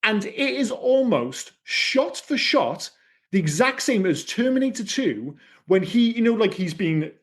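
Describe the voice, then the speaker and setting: A man's voice: high voice, big pitch swings, measured pace. A man on a film podcast, ranting and swearing casually as he picks apart a movie. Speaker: podcast host. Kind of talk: casual film-review chat.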